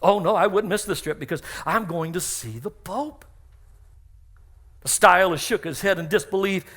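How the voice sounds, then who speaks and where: A middle-aged male pastor preaches a sermon in his church sanctuary through a stage microphone. His voice sits high for a man, with a bright, ringing edge. He acts out the dialogue in his stories and hammers home key phrases by repeating them. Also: moderate pace. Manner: storytelling with acted-out dialogue.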